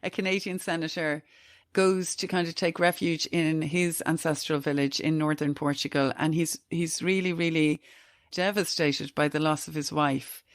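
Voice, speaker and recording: A woman's voice: deep voice, fairly even intonation, normal speed, no room sound, studio quality. A woman hosting a book podcast, eagerly recommending a novel. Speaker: podcast host. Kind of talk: casual book chat.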